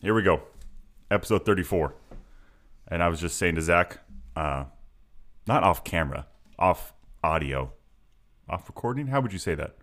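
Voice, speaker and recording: A man's voice: deep voice, expressive, normal speed, long pauses, a bit bright. A man hosting a casual podcast chat, laughing often and talking loosely with some swearing. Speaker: podcast host.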